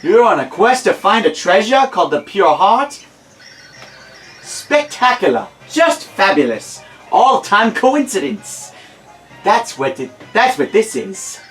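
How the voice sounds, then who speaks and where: A man's voice: high voice, big pitch swings, slow pace, fairly bright tone, soft background music, heavily acted, poor audio. A man voicing a boastful, impatient male TV adventure host in a video game, with a put-on Australian accent, reading the lines with theatrical announcer flair and sarcastic asides. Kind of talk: reading game dialogue aloud.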